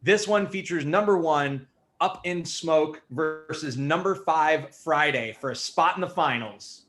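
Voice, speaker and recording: A man's voice: a little high, a little slow, fairly bright tone. A man hosting a livestream panel, loose and profane, laughing between lines. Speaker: host.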